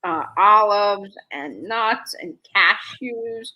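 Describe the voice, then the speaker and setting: A woman's voice: mid-range voice, lively intonation, extremely slow, sharp tone, slight background noise, low-quality recording. A woman co-hosting a casual live chat, chatty and self-deprecating, often laughing at herself. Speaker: co-host.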